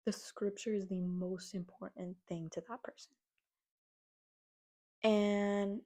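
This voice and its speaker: Mellow-voiced young woman ranting casually. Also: medium pitch. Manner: animated, exasperated, mocks others in quoted voices. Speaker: vlogger. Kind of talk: casual opinion rant to camera.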